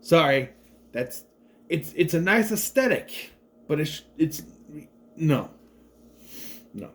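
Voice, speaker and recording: A man reviewing a movie in a loose, rambling way, full of fillers and false starts. His voice sits fairly high for a man and swings widely up and down as he gets animated. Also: slow pace. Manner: rambling, chatty, many fillers and restarts; animated, acts out the characters' lines.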